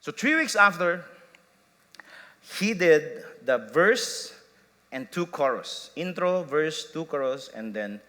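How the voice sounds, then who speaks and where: A man's voice: on the high side, big pitch swings, slow, bright, forceful tone. A man preaching a sermon, telling a family story and laughing at himself as he quotes his sons and wife. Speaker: pastor. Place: church sanctuary. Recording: long church hall reverb.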